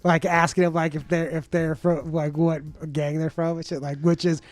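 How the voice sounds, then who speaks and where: A man's voice: a little high, normal speed, no room sound. A man co-hosting a podcast in casual chat, telling stories with swearing and acted-out quotes. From US West Coast. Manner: profane, animated storytelling with acted-out quotes. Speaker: podcast co-host.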